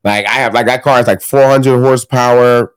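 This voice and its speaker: A man's voice: mid-range voice, fairly even intonation, fairly quick, smooth, no room sound. A young man, a gym owner, chatting casually as a podcast guest, rambling with lots of fillers and restarts and casual swearing.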